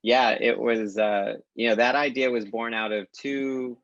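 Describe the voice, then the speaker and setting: A man speaking as a guest in a casual podcast conversation, telling stories lively and acting out quoted dialogue. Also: medium pitch, unhurried, dry recording. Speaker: guest, tech company founder. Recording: dull lo-fi dry sound.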